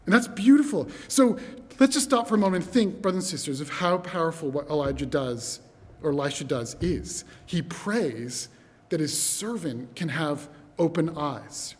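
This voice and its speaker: A man's voice: on the high side, normal speed. Man preaching with hall reverb. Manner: animated storyteller, addresses brothers and sisters. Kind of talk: sermon. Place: church hall.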